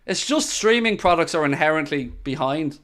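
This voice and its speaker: A young man giving live football commentary during a watchalong stream, talking to his viewers between plays and groaning loudly at near misses. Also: on the high side, moderate pace. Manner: excitable, bursts into loud groans at near misses, chatty asides to viewers. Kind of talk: live match commentary with chat.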